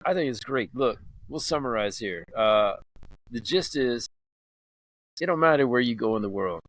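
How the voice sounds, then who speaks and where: A man's voice: mid-range voice, animated, normal speed, a bit bright, poor audio. A man co-hosting a podcast, wrapping up the show with earnest, motivational talk and swearing for emphasis. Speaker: podcast co-host. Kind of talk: casual chat, show wrap-up.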